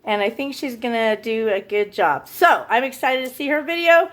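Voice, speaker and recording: A woman's voice: a little high, lively intonation, moderate pace, a bit bright. A woman hosting a casual family vlog, gushing and encouraging in a motherly way. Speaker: family vlog host, parent.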